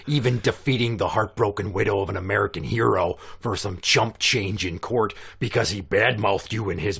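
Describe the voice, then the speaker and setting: This is a man doing a brash middle-aged ex-commando turned politician. The voice sits low and sounds rough and husky. He talks slowly and deliberately, as if lecturing. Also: fairly bright tone, heavily acted.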